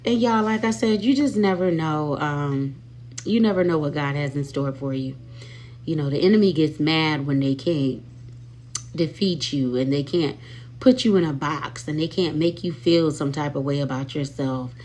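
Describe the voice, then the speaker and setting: Her voice sits low and is a little mellow, delivered at a normal speed. She's a mother hosting a relaxed live-stream chat, talking in a chatty, sassy way and often calling her audience y'all and honey.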